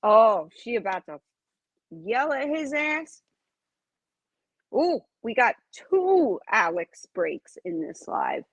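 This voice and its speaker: A woman's voice: on the high side, very animated, takes it slowly, long pauses, no room sound. A woman chiming in on a casual live chat with teasing, giggly comments.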